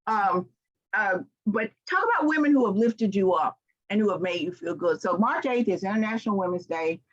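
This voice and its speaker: This keynote comes from an older woman of Memphis, Tennessee, whose Southern American accent colors a heartfelt, folksy motivational talk to her audience. She speaks expressively in a mid-range voice at a moderate pace, on dull lo-fi audio.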